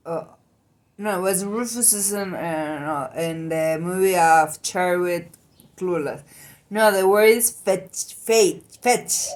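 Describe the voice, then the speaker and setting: Slow, halting woman. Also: fairly low pitch, a little mellow. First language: Spanish. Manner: halting, searching for English words. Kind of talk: casual monologue.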